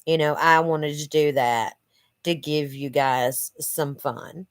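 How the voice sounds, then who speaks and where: She has a low voice and a steady tone, taking her time on a dry recording. Chatting casually to viewers from her living room, this channel host is earnest and rambling, saying "you know" often, and she sounds slightly stuffy from allergies.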